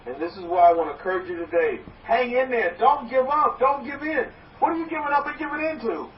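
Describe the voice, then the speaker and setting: A high-pitched man preaches from some distance away, his voice bouncing around an echoey room. The sound is muffled and dull, with faint noise underneath. He exhorts his listeners in a rambling way, restarting sentences as he goes. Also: a little fast. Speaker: rabbi. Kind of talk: sermon.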